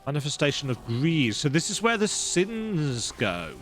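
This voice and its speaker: A man's voice: on the high side, big pitch swings, measured pace, fairly bright tone, faint music behind. A man giving casual gameplay commentary, full of wry, joking asides. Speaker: let's play host.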